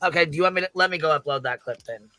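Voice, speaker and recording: A man on a live panel, talking quickly and practically while handling clips. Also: fairly high pitch, sharp tone. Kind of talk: casual livestream chat.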